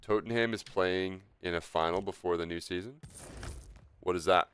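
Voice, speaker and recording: A man's voice: sits low, moderate pace, a bit bright, slight background noise. A man live-streaming a video game, chatting casually and rambling with viewers, laughing often. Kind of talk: live gameplay commentary and chat.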